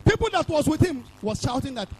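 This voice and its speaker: A Nigerian man preaching a fiery revival sermon, shouting and chanting lines for the crowd to repeat. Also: very high-pitched, big pitch swings, a little fast, low-quality recording. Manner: shouting, sing-song call-and-response preaching. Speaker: evangelist preacher.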